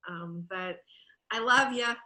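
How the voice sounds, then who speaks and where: Woman host, bright effusive voice, church devotional chat on a video call, emotional. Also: medium pitch, slow pace, poor audio. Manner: emotional, tearful at times, warm and effusive. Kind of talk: heartfelt video-call conversation.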